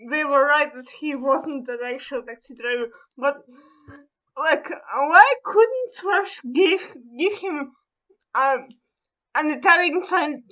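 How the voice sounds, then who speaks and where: A woman co-hosting a podcast in casual chat, halting and hesitant, with lots of restarts and laughter. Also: sits high, sharp tone, muffled recording. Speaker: podcast co-host.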